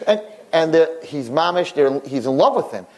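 A man telling a story aloud in an animated, repetitive, expressive way. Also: normal speed. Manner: repetitive, expressive, rising pitch at high points.

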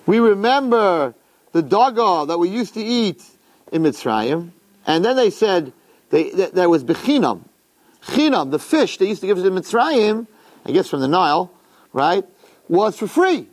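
A man teaching a Torah class, emphatic and animated, repeating words and firing off rhetorical questions. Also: on the high side, moderate pace.

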